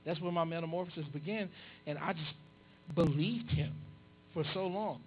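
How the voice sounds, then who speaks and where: A man preaches into a microphone in a church, swapping stories and jokes with the congregation. His voice sits high for a man. The recording is muffled and lo-fi. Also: moderate pace, a little hiss or hum. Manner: conversational, humorous, addressing the congregation. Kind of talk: storytelling sermon. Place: church sanctuary. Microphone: handheld or stand microphone.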